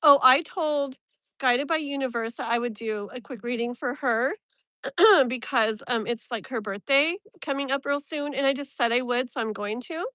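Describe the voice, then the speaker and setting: Woman, casual live-stream host, chatty and rambling, laughs a lot, slightly high voice. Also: normal speed, a bit bright, no room sound, clean studio sound. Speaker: live tarot reader and streamer.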